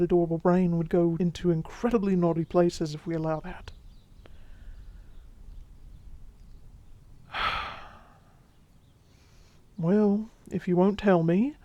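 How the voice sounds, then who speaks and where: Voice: medium pitch, no echo, natural voice. A performer playing a charming, flirtatious male vampire who speaks with a Mexican Spanish accent, teasing and then soothing in an audio role-play drama. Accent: Mexican Spanish accent, put on by the figure. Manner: teasing, warm, soothing, drops to whispers.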